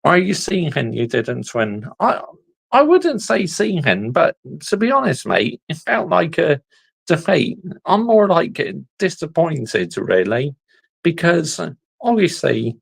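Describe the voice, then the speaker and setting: Male football reactor, husky fry-heavy voice, unhurried, blunt and slangy. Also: on the high side, sing-song, low-quality recording. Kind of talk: casual reaction commentary.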